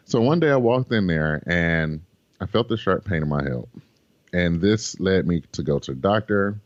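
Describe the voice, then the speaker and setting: A man in his thirties, a runner and interview guest, telling his story in a lively way and acting out the dialogue. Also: deep voice, no echo. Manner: animated, acts out quoted dialogue. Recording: dull lo-fi sound.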